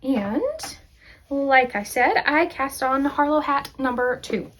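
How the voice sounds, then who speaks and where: Chatty, bright-voiced woman knitting host. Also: sits high, expressive, slow pace, slight background noise. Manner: chatty, enthusiastic, laughs often. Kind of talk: casual show-and-tell chat.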